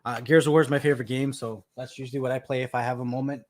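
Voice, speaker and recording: This thirtysomething Canadian streamer races through his stories at medium pitch in a steady tone. Casual and chatty, he laughs a lot and repeats words as he goes.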